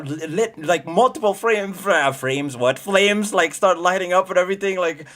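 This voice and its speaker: A man's voice: on the high side, very animated, a little slow, few pauses, fairly bright tone. Rambling young man reviewing a film. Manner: rambling, with many fillers and restarts. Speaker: livestream host. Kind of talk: excited movie review chat.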